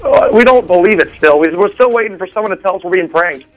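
Brief: high-pitched rambling male guest on a phone call, faint music behind. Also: lively intonation, quick pace. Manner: rambling, with many fillers and restarts. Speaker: drummer interviewed as a guest. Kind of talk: excited phone interview chat. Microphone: phone line.

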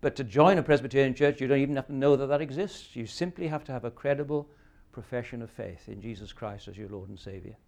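A man's voice: medium pitch, quick pace, creaky, hardly any pauses, darkish tone. A man in his sixties preaching a sermon, earnest and emphatic, often ending points with rhetorical questions. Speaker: pastor.

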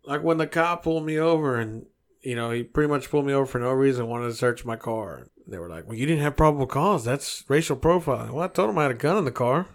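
A man co-hosting a podcast, ranting in a heated, profane, rambling way. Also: mid-range voice. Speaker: podcast co-host. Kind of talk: casual podcast rant.

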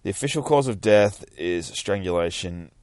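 Quiet grave coroner guy, deep and low, aussie edge , as a man reads him out. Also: animated, moderate pace, no room sound, clean studio sound. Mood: somber. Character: grave male small-town coroner, calm and somber.

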